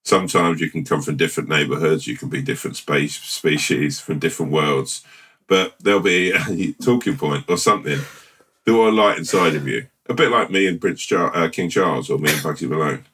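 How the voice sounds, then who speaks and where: A man co-hosting a podcast, chatting casually and telling a rambling, playful made-up story with halting restarts. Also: very deep voice, a bit bright, far from the mic. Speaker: podcast co-host. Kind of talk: casual chat and improvised storytelling.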